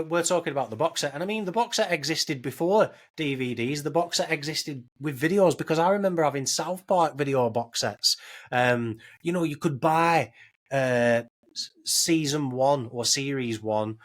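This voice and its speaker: A man's voice: fairly high pitch, moderate pace. A man, hosting a casual podcast and rambling with many restarts and repeated words. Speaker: podcast host.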